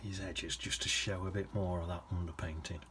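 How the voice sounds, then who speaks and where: A man with a low voice and little pitch movement teaches watercolour at a moderate pace. He chats casually but keeps drifting into soft whispers and hums while he paints. There's slight background noise.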